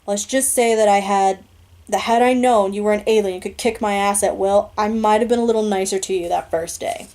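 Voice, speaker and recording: A woman reading a novel aloud in a steady, earnest storytelling manner. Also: mid-range voice, a little fast. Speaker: audiobook reader.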